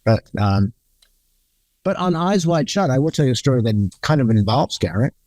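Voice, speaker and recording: A middle-aged man chats as an interview guest, spinning anecdotes and slipping into other voices for quotes. His voice sits at an ordinary pitch, and the recording is dry and close. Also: expressive, normal speed, darkish tone, no echo. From New York. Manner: storytelling, swearing, acts out quotes. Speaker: guest cinematographer.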